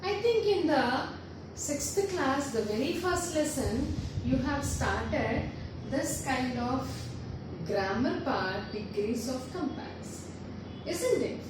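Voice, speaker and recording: Woman teacher, high voice, very slow delivery, sounds set back from the mic in an echoey room. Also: animated. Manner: slow, deliberate, stretches words to show syllables. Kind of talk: classroom grammar lesson. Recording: echoey room, voice from a distance, faint noise.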